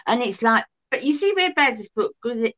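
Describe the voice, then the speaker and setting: A woman with a Cockney accent co-hosting a live chat stream, talking casually and warmly to her viewers. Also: a little high, expressive, normal speed. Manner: chatty, calls people sweetheart and darling.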